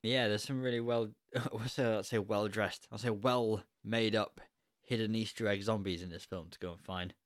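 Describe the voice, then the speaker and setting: A man's voice: fairly low pitch, steady tone, normal speed, dry recording, studio quality. A man co-hosting a casual film review podcast, rambling and laughing at his own asides. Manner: rambling, self-correcting, laughs a lot. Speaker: podcast co-host.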